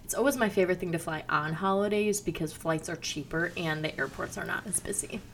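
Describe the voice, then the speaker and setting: Soft-spoken Minnesota woman. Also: lowish voice, brisk, a little hiss or hum. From southern Minnesota. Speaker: podcast co-host. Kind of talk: casual chat.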